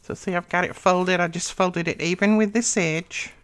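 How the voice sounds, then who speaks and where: A woman's voice: on the low side, fairly even intonation, normal speed, slight background noise. A woman hosting a casual craft tutorial, talking to viewers as she works and a little out of breath. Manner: chatty, talks to viewers while working. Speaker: craft channel host.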